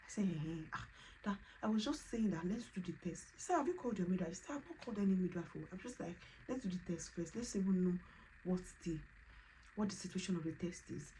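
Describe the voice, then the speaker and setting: A woman vlogger with a lowish voice talks fast, recounting her own story and acting out what other people said in lively voices. She's animated throughout, and the low-quality recording carries a slight hiss or hum.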